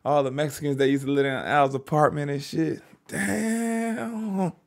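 A man's voice: medium pitch, level tone, fast. A man from Maryland with a Maryland accent, hosting a reaction video and commenting loosely in slang. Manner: loose slangy running commentary, riffing at the screen.

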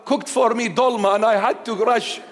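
Man as a young speeder pleading with an officer, pitched high, echoing hall. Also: normal speed. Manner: begging, flattering. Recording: long church reverb.

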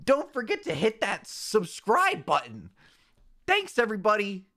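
A man putting on a high, mock-cheerful streamer persona in an exaggerated, sing-song way. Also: huge pitch swings, a little slow, bright, forceful tone, exaggerated voice. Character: over-eager male streamer persona, squeaky and gushing. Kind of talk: comedic parody voice.

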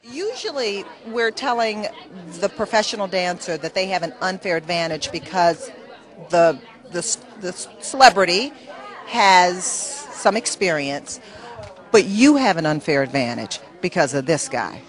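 A woman's voice: fairly low pitch, expressive, measured pace, some chatter behind. A woman interviewing a celebrity pair at a press event, friendly and curious. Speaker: entertainment interviewer.

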